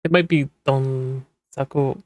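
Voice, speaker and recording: A man talks casually, rambling and restarting often, his voice sitting at an ordinary middle pitch. The sound is dry and close, with no room echo. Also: steady tone, takes it slowly. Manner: rambling, with many fillers and restarts. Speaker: manga translator, podcast host. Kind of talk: casual explanatory talk.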